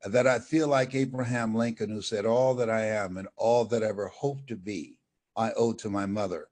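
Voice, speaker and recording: A man's voice: on the low side, normal speed. An older man, a motivational speaker, telling stories as an interview guest and acting out the dialogue. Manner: animated storyteller, acts out dialogue. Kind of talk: storytelling interview.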